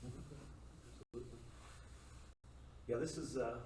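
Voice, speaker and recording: A relaxed man leads a casual Bible study, joking easily and filling his pauses with "uh" and "you know." His voice sits at a medium pitch and sounds distant in an echoey church room. A faint noise hums underneath. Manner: relaxed, joking, many fillers.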